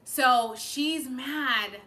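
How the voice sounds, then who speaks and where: Woman, live-stream psychic reader; bright, pressing tone; tearful, rambling, profane. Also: high-pitched, very slow. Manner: emotional, rambling, with frequent swearing and restarts. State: fighting back tears. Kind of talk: live-streamed channeled reading.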